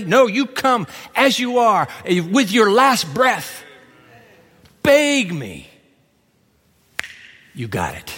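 Animated preacher in a reverberant hall. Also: male voice, high-pitched. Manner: animated, acts out biblical dialogue. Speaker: pastor. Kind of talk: sermon. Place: large church hall.

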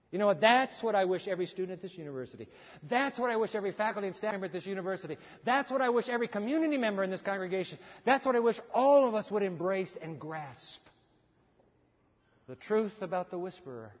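Animated male preacher in a reverberant hall. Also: sits high, quick pace. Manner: animated storytelling, acting out dialogue. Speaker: pastor. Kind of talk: sermon. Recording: dull sound, hall reverb.

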